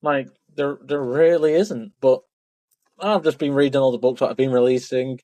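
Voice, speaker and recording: A man co-hosting a casual podcast chat, chatty and animated, often saying "to be fair". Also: medium pitch, normal speed, no room sound. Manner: chatty, lively, says "mate" and "to be fair". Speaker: podcast co-host. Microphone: remote call mic.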